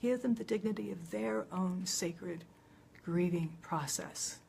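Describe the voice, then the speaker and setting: Low gravelly lady talking softly to the viewer, half whispering, a bit of hiss behind. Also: unhurried. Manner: gentle, slipping into whispers, later more emphatic. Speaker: speaker of a public service video. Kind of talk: soothing spoken guidance to the viewer.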